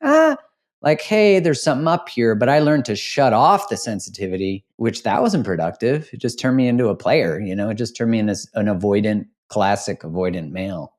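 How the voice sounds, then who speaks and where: A man's voice: lowish voice, expressive, brisk, hardly any pauses, darkish tone. A man hosting a podcast, talking in a reflective, explanatory way in casual conversation. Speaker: podcast host.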